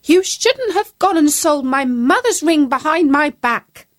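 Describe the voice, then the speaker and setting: Woman putting on a shrill scolding housewife. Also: expressive, a little slow. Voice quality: high-pitched, shrill. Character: distressed, scolding, hungry housewife.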